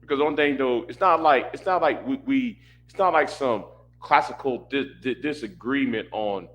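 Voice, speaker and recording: A man's voice: mid-range voice, moderate pace, fairly bright tone. A man in a casual rant, exasperated and repetitive, stumbling over restarts. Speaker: commentator reacting to a panel stream.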